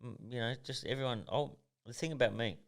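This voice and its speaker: Swearing without hesitation and speaking bluntly, a thirty-something Australian boxer recounts stories with animation during a casual podcast interview. His gravelly voice sits in the mid-range and runs fairly quick.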